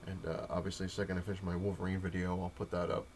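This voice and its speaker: A man's voice: low-pitched, monotone, rapid-fire, darkish tone, a little hiss or hum. A young man rambling through a casual comic-collecting update, full of fillers and quoted exchanges. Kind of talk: casual update rant to camera.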